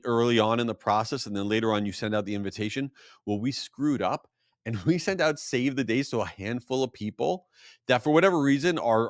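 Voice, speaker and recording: Animated man telling party stories. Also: no echo, studio quality. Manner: animated, acts out quoted voices with big pitch jumps. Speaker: podcast host. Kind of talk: casual storytelling monologue.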